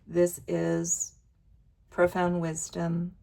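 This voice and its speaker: A woman reading oracle cards aloud in a casual vlog, slow and emotional, sighing and interrupting herself. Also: on the low side, completely flat delivery, gravelly, dark tone. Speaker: oracle card reader. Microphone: wireless earbuds.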